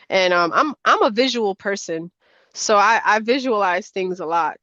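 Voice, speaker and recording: A woman, a tarot deck creator, chatting casually as a guest in an animated, rambling way over a video call. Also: dry recording. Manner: animated, rambling, quick pitch jumps. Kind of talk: casual chat. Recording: dull, dry lo-fi audio.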